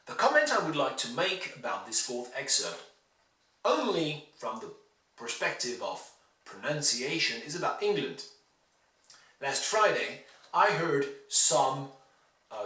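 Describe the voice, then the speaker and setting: A man teaching English pronunciation, slowly contrasting wrong and right sounds and reading out historical excerpts. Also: fairly high pitch, pushed and bright, roomy sound, recorded from a distance, low-quality recording. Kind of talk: pronunciation lesson with read excerpts.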